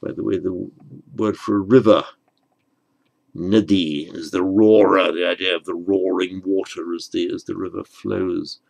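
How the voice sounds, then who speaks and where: A man teaching a slow, patient grammar lesson, spelling out words and rules. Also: low-pitched, fairly even intonation, creaky, darkish tone, low-quality recording. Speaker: Sanskrit teacher.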